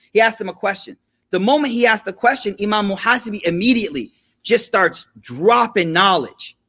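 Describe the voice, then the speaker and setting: High-voiced man teaching in casual slang. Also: a bit bright. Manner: conversational, slangy, checks in with listeners. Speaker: religious teacher. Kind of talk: casual storytelling lecture.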